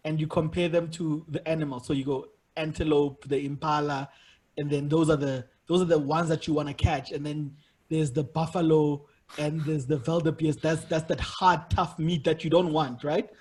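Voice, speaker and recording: A man hosting a podcast, chatting casually and telling animated stories with frequent laughter. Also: a little high, moderate pace, slightly rough. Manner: animated storyteller who laughs often. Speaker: podcast host. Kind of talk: casual comedic conversation.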